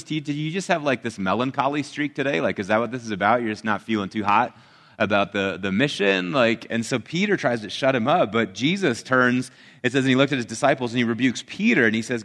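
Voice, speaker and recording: A man preaching a sermon in a relaxed, conversational way, retelling scripture in his own animated words. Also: medium pitch. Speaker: pastor. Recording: hall reverb.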